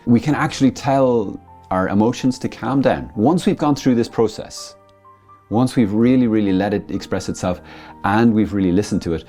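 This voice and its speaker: A man's voice: lowish voice, normal speed, soft background music. A man, a Catholic priest, giving a conversational spiritual talk, explaining with everyday family examples and acting out quoted voices. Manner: acts out quoted voices with lively rises.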